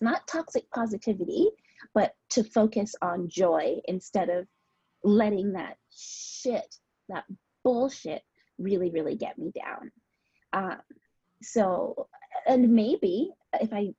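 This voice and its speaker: A woman talking openly and thoughtfully in a personal conversation, her voice mellow and husky. The sound is dry and a bit muffled, and she speaks with tears close to the surface. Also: medium pitch, no echo. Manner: reflective, opens up about painful memories. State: tearful. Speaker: podcast guest.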